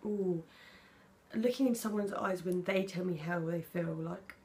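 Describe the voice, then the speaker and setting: In this relaxed tag vlog, a young woman from Britain reads out personal questions and gives candid replies. She speaks at a normal pace in a lowish voice, sounding chatty and growing soft-spoken at emotional moments, with slight background noise.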